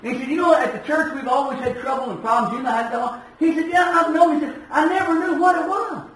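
A man preaching a sermon in a folksy storytelling way, swinging between shouted emphasis and quiet asides. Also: very high voice, fast talker. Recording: echoey room from a distance.

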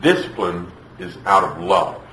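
A man preaching a sermon, emphatic, acting out parents and children in quick put-on voices. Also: low-pitched, expressive, reverberant, very noisy.

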